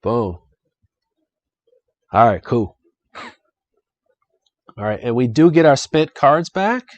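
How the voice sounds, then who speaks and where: A man's voice: mid-range voice, big pitch swings, slow, no echo. A young adult man streaming a solo board game live, chatty and upbeat as he talks to viewers and reads the adventure text. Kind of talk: casual live-stream playthrough commentary.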